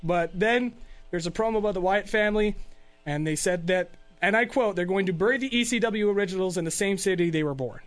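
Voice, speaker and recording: High-pitched guy hosting a podcast, rambly casual recap, laughs a lot. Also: brisk, faint music behind. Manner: chatty, rambling, laughs often. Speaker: podcast host. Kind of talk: casual chat recapping wrestling.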